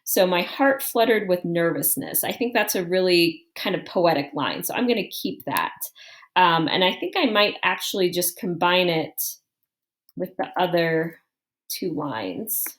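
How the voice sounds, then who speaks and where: Calm woman teaching a writing lesson. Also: on the low side, measured pace. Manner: calm, explanatory, thinking aloud. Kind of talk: classroom writing lesson, screen walkthrough.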